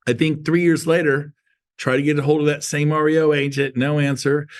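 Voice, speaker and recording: A man's voice: a little high, fairly quick. A man giving a sales talk to an audience, telling stories in a punchy, playful, folksy way and acting out the dialogue. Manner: animated storyteller acting out dialogue. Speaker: motivational sales speaker.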